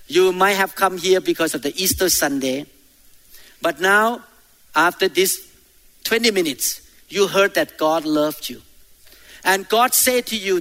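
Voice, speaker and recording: Man from Thailand, pastor, slow emphatic sermon, high bright voice. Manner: emphatic preaching with calls to the congregation. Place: church.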